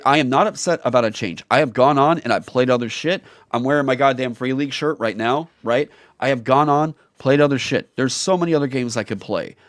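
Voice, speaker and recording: A man's voice: mid-range voice, no echo, clean studio sound. A man on his own channel delivering an angry commentary rant, heated, profane and emphatic. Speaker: YouTuber and streamer.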